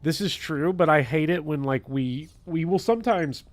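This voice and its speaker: A man who works as a teacher, talking casually to his chat while gaming, blunt and heavily profane in an animated rant. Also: a little high, moderate pace, dry recording. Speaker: teacher streaming a game.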